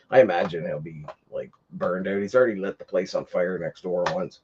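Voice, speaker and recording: A man with a low, husky voice chats casually on his own stream. He rambles, stops to restart himself and leans on fillers. The sound is a bit dull and lo-fi. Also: fairly quick, few pauses, a little mellow. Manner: rambling, many fillers, gets heated retelling. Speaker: livestream host. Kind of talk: casual storytelling chat.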